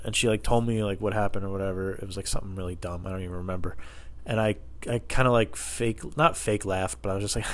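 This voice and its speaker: A young man vlogging at home into a tiny close microphone, telling a story in a profane, animated way and laughing often. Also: mid-range voice, quick pace. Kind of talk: casual storytelling. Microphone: tiny microphone held close.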